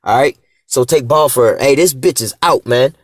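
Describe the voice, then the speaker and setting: A man with a mid-range voice speaks at a normal pace, reading articles aloud in a casual vlog rant that's preachy and profane. He repeats himself, quotes scripture, and tacks "man" onto almost every line. It's recorded in studio quality with no echo.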